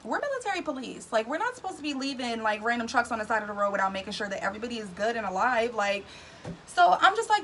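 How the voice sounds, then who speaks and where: Animated, slangy woman telling a story. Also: a little high, fast. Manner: animated, slangy, lots of "like" and "right?". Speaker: vlog storyteller. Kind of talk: casual storytime.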